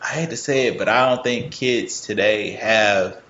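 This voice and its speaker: A man's voice: on the low side, normal speed, sharp tone. A man co-hosting a podcast, chatting casually, teasing and laughing as he argues his point. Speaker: podcast co-host. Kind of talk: casual chat. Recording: roomy, dull sound with faint noise.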